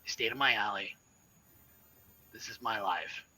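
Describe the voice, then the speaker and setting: A surly, scornful vampire hermit who guards his alley, as a male storyteller puts him on. The voice is very bright and edgy, with a husky rasp. He talks slowly and defensively. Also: fairly low pitch, voice pushed down, exaggerated voice.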